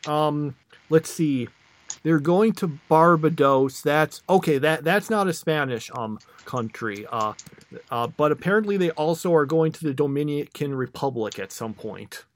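A man's voice: on the high side, lively intonation, measured pace. A young man chatting casually as a podcast co-host, rambling with many fillers, restarts and trailing thoughts. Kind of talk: casual chat.

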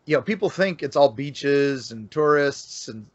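An animated but unhurried man from Florida, with a mid-range voice, guests on a casual podcast. He wanders through local folklore with plenty of fillers and restarts. The recording is dull, dry, and lo-fi.

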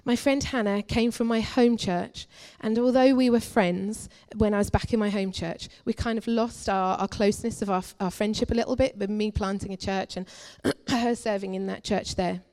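A woman's voice: medium pitch, fairly even intonation, normal speed, hardly any pauses. Earnest woman preaching a testimony. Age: young adult. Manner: earnest, confessional, swings between forceful and hushed. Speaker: guest preacher. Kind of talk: personal testimony sermon. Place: church.

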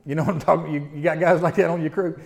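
A middle-aged man preaching a sermon. He speaks in a folksy, animated way and often turns to address the listeners directly. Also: on the high side, very fast, vocal fry.

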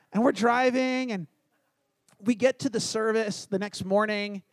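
High-voiced pastor telling a story. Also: male voice, slow, dry recording, clean studio sound. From Canada. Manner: animated, acts out dialogue, self-deprecating humor. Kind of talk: storytelling sermon.

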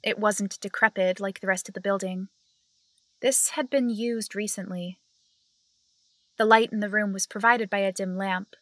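A woman's voice: mid-range voice, a bit bright, dry recording. A young woman narrating and playing the lead in an audio drama, hesitant and nervous. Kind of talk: audio drama acting and first-person narration.

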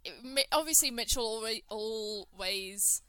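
A woman's voice: fairly high pitch, measured pace, pushed and bright, clean tone, dry recording. A woman guest on a podcast, chatting casually in a giggly, playful way. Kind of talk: casual chat.

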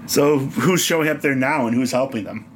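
A man co-hosting a casual gaming podcast, wry and quick to laugh. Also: medium pitch, a little hiss or hum. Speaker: podcast co-host.

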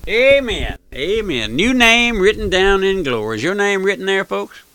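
A man's voice: high voice, big pitch swings, moderate pace, noisy background. A man preaching a fervent radio sermon, often repeating phrases and calling the listener "my friend". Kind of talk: fire-and-brimstone radio sermon.

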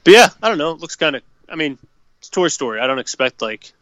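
A young man speaks as a podcast co-host in a casual chat, his voice a bit higher than most men's. He talks in a relaxed, hesitant way, full of fillers and swearing. The sound is dry and close. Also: fast talker, no room sound, lo-fi sound. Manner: laid-back, profane, hesitant with many uhs.

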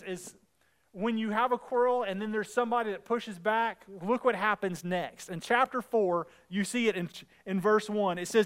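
Man, high voice, pastor, conversational sermon, acts out dialogue, emphatic. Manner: grows louder and more emphatic as he goes.

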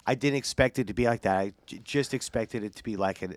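A man's voice: medium pitch, a little fast, few pauses, no room sound. A man co-hosting a podcast, chatting casually and eagerly with many fillers. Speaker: podcast co-host. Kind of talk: casual chat.

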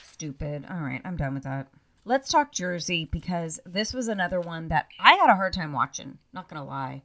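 A woman rants in a casual podcast chat, her bright voice swooping up and down as she mocks people in exaggerated voices. She swears freely and talks over a video call. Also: fairly low pitch, moderate pace. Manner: animated, profane, mocking mimicry of cast members. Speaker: podcast co-host. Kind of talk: casual chat about reality TV.

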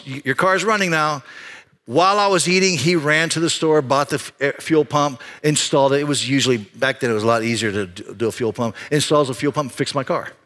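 A man preaching a sermon as pastor, telling a personal story in an animated way with frequent restarts. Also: medium pitch.

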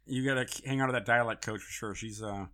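A man's voice: medium pitch, fairly even intonation, quick pace, sharp tone, a little hiss or hum. A man interviewing an actress who keeps prompting and encouraging her. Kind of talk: casual interview.

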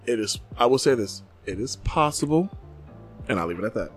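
A man who is a therapist, a guest on a casual podcast, talking in a hedging, halting way. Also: mid-range voice, lively intonation, husky, soft background music.

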